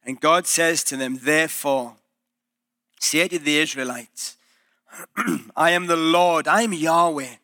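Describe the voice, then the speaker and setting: A male pastor preaching a sermon in a church, telling the story in a lively way and acting out the quoted voices. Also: on the high side, slow pace, pauses often.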